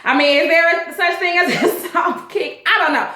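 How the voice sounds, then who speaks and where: A woman hosting a casual TV episode recap, talking in a profane, animated way and laughing often. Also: very high voice, moderate pace. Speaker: host of a TV recap show. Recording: echoey room.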